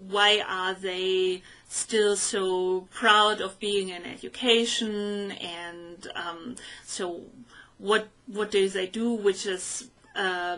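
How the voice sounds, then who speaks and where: A woman hosting a conversational interview, speaking in a measured way and pausing often to search for words. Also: mid-range voice, fairly bright tone, rough recording. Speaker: host.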